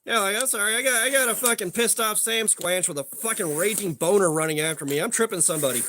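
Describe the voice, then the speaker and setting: A young man hosts a relaxed livestream, swearing freely and greeting chatters by name. His voice sits high for a man, and a faint hiss runs underneath. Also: quick pace. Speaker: livestream host. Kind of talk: casual livestream chat.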